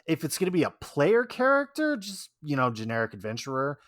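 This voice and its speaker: A man guesting on a podcast, chatting casually about his game character, laughing often and trailing off quietly at the ends of thoughts. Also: on the high side, wildly swooping pitch, fairly quick, no echo, studio quality.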